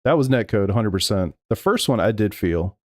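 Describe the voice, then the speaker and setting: A man's voice: fairly low pitch, animated, a little fast, no room sound, clean studio sound. A man streaming sim racing live, talking over race replays and arguing back at his chat with plenty of swearing. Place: home sim racing room.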